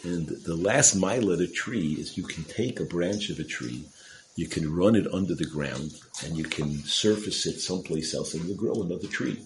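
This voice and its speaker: Casual male storyteller, deep-pitched, teaching a moral tale, faint noise behind. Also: moderate pace, rough recording. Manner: casual, conversational, with fillers and restarts. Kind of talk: storytelling Torah talk.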